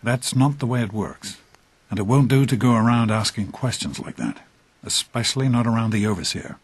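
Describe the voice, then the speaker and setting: A husky, earnest vault dad. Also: male voice, fairly low pitch, lively intonation, a little fast, dry recording. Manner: earnest, fatherly, soft-spoken. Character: calm middle-aged vault father, earnest.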